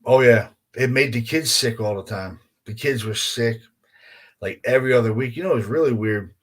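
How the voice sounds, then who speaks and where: A man's voice: mid-range voice, normal speed, breathy edge. A man, a guest paranormal investigator, telling a story in a rambling way, swearing often and filling gaps with "you know" and "man". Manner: rambling, profanity-laced, heavy on fillers like "you know" and "man". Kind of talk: casual storytelling chat.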